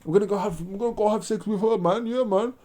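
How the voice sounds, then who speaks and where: A man's voice: sits high, fast, warm tone, natural voice. A man voicing a bored, boastful young male lover, drawling and bragging.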